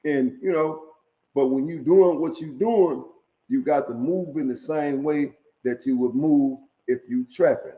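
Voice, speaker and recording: A man's voice: on the high side, a little slow, dark tone, muffled recording. Profane streetwise man spinning prison stories. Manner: streetwise and profane, with constant fillers like "man" and "right?"; chuckles at his own stories. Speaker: storyteller sharing prison stories. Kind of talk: casual storytelling monologue.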